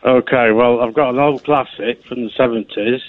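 A man's voice: steady tone, normal speed, no room sound. Tired male caller on a tinny phone line. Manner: hesitant, low-key, many fillers. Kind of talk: phone-in call.

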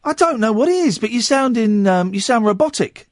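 Animated high-voiced English radio host. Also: male voice, brisk, no room sound, studio quality. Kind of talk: late-night call-in radio chat. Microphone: studio microphone.

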